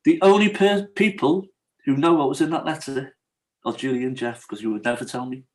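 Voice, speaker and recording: A middle-aged Englishman speaks as a podcast guest. He talks in a voice of ordinary pitch. His telling is earnest and emotional, and he acts out the lines of the people in his story. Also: fairly quick. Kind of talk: personal storytelling in conversation.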